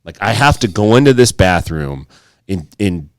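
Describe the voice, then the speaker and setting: A man co-hosts a podcast and tells a rambling story in casual chat. His pitch swings up and down a lot as he acts out what people said, and he swears freely. The sound is dry and close. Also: very animated, normal speed, no echo. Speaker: podcast co-host.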